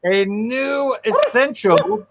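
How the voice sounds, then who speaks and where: A man's voice: extremely high pitch, lively intonation, very slow. A man from co-hosting a live stream, a bit out of breath, playfully showing off items from his collection. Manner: chatty, playful show-and-tell of collectibles. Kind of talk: casual live-stream chat. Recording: live stream with faint noise.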